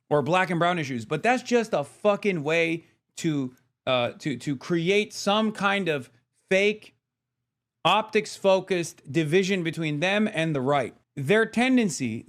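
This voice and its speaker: A man streaming live, reacting to clips and ranting about politics with frequent swearing. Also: on the high side. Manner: profane, ranting political commentary.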